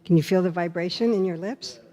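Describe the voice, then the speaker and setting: A woman's voice: on the low side, brisk, dark tone. A woman minister giving a demonstrative talk that guides a congregation through breathing. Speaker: spiritual center minister.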